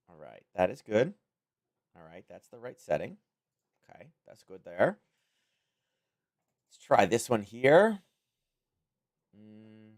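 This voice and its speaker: A slightly hoarse man hosting a trading livestream from home, talking casually and thinking aloud into a close microphone. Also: on the low side. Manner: rambling, thinking aloud, chuckling asides. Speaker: trading stream host. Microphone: close-up desk microphone.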